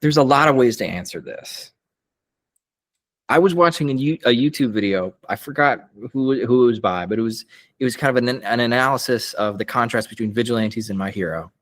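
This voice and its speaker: A young male voice actor, speaking at medium pitch and a bit quickly, chats as a guest on a casual podcast interview. He's upbeat, laughs often, and gets lively when retelling stories.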